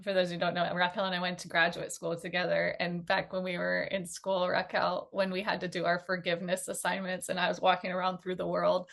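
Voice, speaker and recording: A woman co-hosting a conversational panel, talking in an animated, chatty way with fillers and light giggles. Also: fairly low pitch, a little fast, vocal fry, hardly any pauses.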